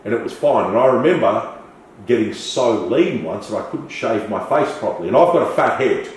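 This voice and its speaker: A middle-aged man telling lively stories as a podcast guest. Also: medium pitch, normal speed, heavy reverb, distant mic, low-quality recording. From Australia. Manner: animated, swearing, storytelling with acted quotes. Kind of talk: casual storytelling interview.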